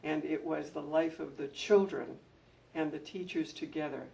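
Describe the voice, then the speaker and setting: An older man recalls his years running a school, telling heartfelt stories that turn animated when he acts out an anecdote. His voice is gravelly and sits a bit high. He is recorded from a distance, with a faint hum in the background. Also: moderate pace. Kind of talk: reminiscing talk at a public event. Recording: distant mic with faint room noise.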